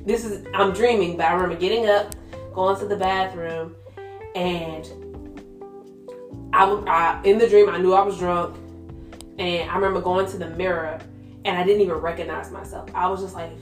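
Young woman telling her testimony, kinda low voice, roomy echo, soft music under. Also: fairly even intonation, moderate pace. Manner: candid storytelling, many "like" fillers, slangy. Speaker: guest sharing her testimony. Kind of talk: casual faith conversation.

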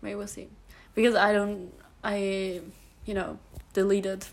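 Slow and level in tone, her mid-range voice has vocal fry. She is a young German podcast host of around 20, in her early twenties, rambling casually alone in accented English, packed with fillers and self-corrections.

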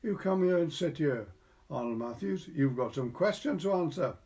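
A man's voice: fairly high pitch, lively intonation, moderate pace, darkish tone. Man doing a stern, scolding young woman.

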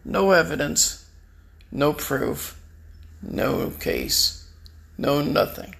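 A man's voice: fairly high pitch, big pitch swings, drawn-out words, vocal fry, long pauses, fairly bright tone. A man delivering a bitter, defiant personal rant, swearing and taunting his enemies. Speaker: vlogger. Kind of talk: angry personal rant to camera.

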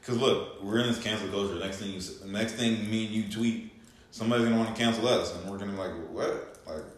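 A man co-hosting a podcast in casual chat, laid-back and halting, swearing freely. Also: on the low side, steady tone, distant mic. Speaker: podcast co-host. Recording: very echoey room, away from the mic, faint background hum.

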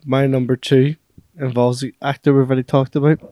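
A man co-hosting a podcast, chatting casually and retelling plots in an animated way. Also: mid-range voice, brisk, dry recording. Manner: animated storytelling, acts out quotes. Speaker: podcast co-host. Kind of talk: casual chat.

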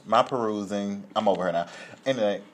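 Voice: sits low, a little fast, slight background noise. A co-host in a casual chat, telling stories and acting out the people in them. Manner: lively storyteller who acts out the people in the story. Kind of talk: casual chat, animated storytelling.

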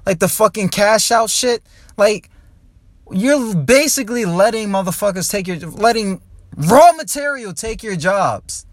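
A young stand-up comic and podcast host from New Jersey rants loudly from a parked car, rambling, swearing, and laughing at his own jokes. His voice is high-pitched, and the sound is studio quality with no room tone.

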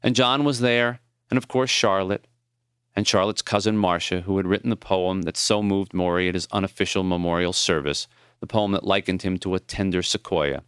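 A man reading his own memoir as audiobook narration, measured and tender. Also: low voice, fairly even intonation, a bit bright, smooth, no room sound, studio quality.

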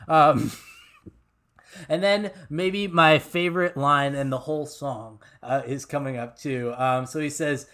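Speaking slowly in a fairly high, slightly bright voice with fairly even intonation, a man co-hosts a podcast about song lyrics. He's enthusiastic and casual, laughing often and peppering his talk with ums and restarts.

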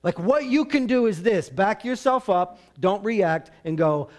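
Man, middle-aged pastor, high-pitched voice, relaxed conversational sermon, humorous asides. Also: measured pace.

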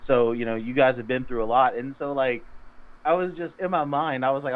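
Gruff teasing man on a tinny line. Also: medium pitch, steady tone, brisk. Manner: gruff, teasing, rambling with restarts. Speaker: podcast co-host. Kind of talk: casual podcast chat. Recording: tinny phone-like sound.

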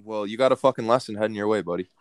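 A man's voice: fairly low pitch, very fast, smooth, no room sound. Crude joking young man on a podcast. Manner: crude, joking, swears freely. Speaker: podcast co-host. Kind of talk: casual podcast chat.

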